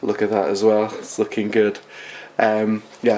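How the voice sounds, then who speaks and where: A man's voice: fairly low pitch, measured pace. A man with a stuffy, nasal voice from a cold talks loosely through a home how-to. He rambles with ums and restarts, filming with a handheld camera. Faint noise sits behind him. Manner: chatty, relaxed, many ums and restarts. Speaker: home winemaking vlogger. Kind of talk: casual how-to video. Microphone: handheld camera, no tripod.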